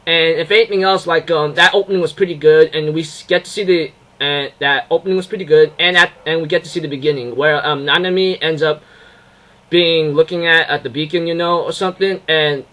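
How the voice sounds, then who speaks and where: Young male reviewer, bright and higher-pitched, gushing and rambling, full of fillers. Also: fairly quick, poor audio. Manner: excitable, rambling, many fillers and restarts. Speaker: anime reviewer. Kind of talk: casual episode review.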